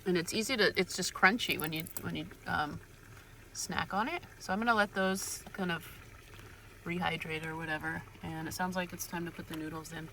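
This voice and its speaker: Chatty low-voiced woman vlogging. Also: fairly even intonation, normal speed, bright, forceful tone, a little hiss or hum, poor audio. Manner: chatty, rambling with many ums and restarts. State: has a cold. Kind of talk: casual cooking vlog. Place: inside a parked van.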